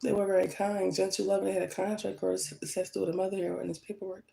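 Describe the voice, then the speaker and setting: A woman with a gravelly, fry-edged voice gives a tarot reading straight to her viewers. She is blunt and emphatic, keeps checking in with a quick "okay?", and her pitch sits in an ordinary middle range. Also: level tone, warm tone, poor audio. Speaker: tarot reader.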